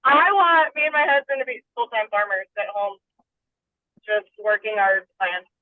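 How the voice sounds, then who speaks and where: A woman's voice: a little high, animated, moderate pace, no echo. A woman calling into a training meeting, candid and laughing at herself, heard over a phone line. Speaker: call participant. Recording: tinny phone line, dry.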